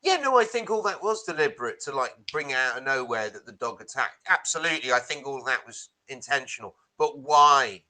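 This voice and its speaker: A man co-hosting a film podcast, rambling and animated as he retells scenes, with casual swearing. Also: mid-range voice, a little fast, hardly any pauses, dry recording. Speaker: podcast co-host. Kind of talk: casual film-review chat.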